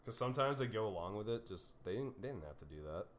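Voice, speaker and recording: A woman's voice: rumbling low, expressive, fast, slight background noise. A woman co-hosting a podcast in casual chat, telling blunt, swearing stories. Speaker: podcast co-host.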